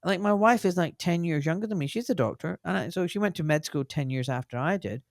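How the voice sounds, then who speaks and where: A man's voice: a little high, fast talker, gravelly, dry recording, clean studio sound. Blunt, swearing doctor in his forties. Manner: blunt, animated storyteller who swears freely. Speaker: doctor, podcast guest. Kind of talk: casual podcast conversation.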